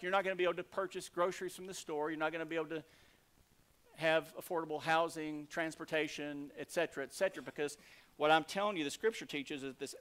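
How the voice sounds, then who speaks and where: A man, the lead pastor, preaching a sermon with emphatic rises and soft asides. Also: a little high. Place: church sanctuary.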